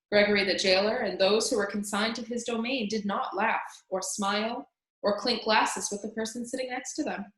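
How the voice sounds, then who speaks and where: Storybook reader: an expressive woman in a roomy space, mid pitch. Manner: expressive, addresses listener as "reader". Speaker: storyteller reading to children. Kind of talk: reading a children's novel aloud. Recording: roomy echo.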